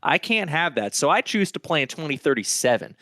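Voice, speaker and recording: A man's voice: fairly high pitch, big pitch swings, fairly quick, sharp tone, dry recording. A man on a panel talk show, telling rambling stories with enthusiasm. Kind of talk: casual panel chat.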